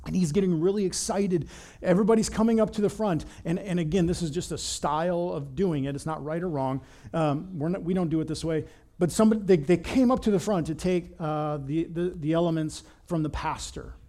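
High-voiced man preaching a chatty sermon. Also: a little fast. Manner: animated storytelling, repeats words when starting sentences. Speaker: pastor. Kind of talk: conversational sermon.

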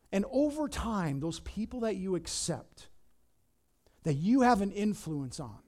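Male pastor, high pitched and very animated, emphatic storyteller in the pulpit. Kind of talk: sermon.

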